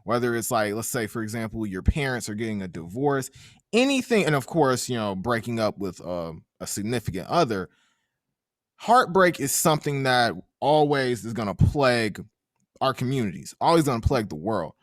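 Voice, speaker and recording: A young adult man hosting an interview, casual and expressive, asking long, earnest questions. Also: mid-range voice, normal speed, no room sound, clean studio sound. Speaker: interviewer host.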